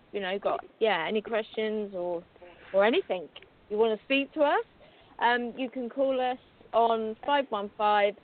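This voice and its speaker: A British woman co-hosting a call-in radio show, chatting casually with fillers and restarts. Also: mid-range voice. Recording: dry phone-like line.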